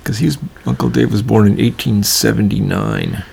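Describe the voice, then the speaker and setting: A man's voice: on the low side, fairly even intonation, moderate pace, vocal fry, a little mellow, a little hiss or hum. A man co-hosting a casual radio chat, musing thoughtfully and answering with short murmurs.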